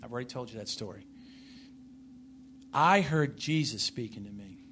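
A man's voice: normal speed, slight background noise. A man preaching a sermon, emphatic, swinging his voice up and down and putting questions to the congregation. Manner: emphatic, rises and falls in pitch and loudness, asks the congregation questions.

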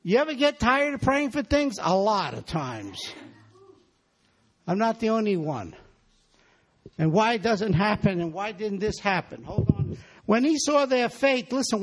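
A man preaching a sermon in a church, exhorting the congregation and calling for their responses. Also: sits high.

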